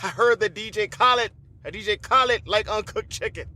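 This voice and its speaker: A man in his forties hosting a comedic podcast, talking in an animated, playful way, repeating himself and laughing often. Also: high-pitched, fairly quick. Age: 40s. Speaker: podcast host.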